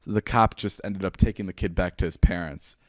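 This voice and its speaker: A young man telling a story on a podcast, animated and swearing a lot, jumping up in pitch when he acts out quotes. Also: a little fast, no echo, studio quality. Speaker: podcast host. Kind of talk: casual storytelling.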